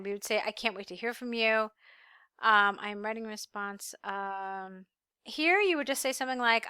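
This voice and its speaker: A woman's voice: fairly high pitch, bright, forceful tone, clean tone, no echo, studio quality. A woman tutoring English, reading a student's letter aloud and correcting it in a friendly way. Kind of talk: essay correction lesson.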